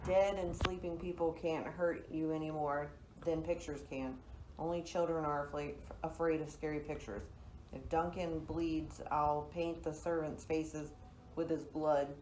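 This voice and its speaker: A woman's voice: low voice, fairly even intonation, a little slow, darkish tone. Teen girl playing a scheming, scornful noblewoman. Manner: reads plainly with occasional slips. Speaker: student actor. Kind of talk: amateur school-project reenactment. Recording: echoey room with noise behind.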